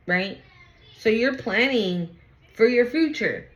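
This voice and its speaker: A woman's voice: fairly high pitch, animated, slow, a bit bright, muffled recording. A woman giving a casual tarot reading to camera. She talks bluntly, swears freely, repeats her points and keeps asking "right?". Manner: blunt and profane, repeats phrases for emphasis; asks "right?" again and again. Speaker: tarot reader.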